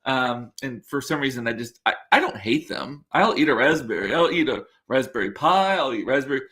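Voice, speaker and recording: A man's voice: medium pitch, animated, brisk, bright, forceful tone. A man hosting a podcast, chatting casually and rambling, often interrupting himself as he answers viewers. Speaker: podcast host. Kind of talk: casual chat reading viewer comments.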